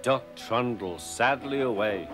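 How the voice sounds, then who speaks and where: A man narrating a children's storybook with gentle, expressive storytelling. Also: mid-range voice, unhurried. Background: music.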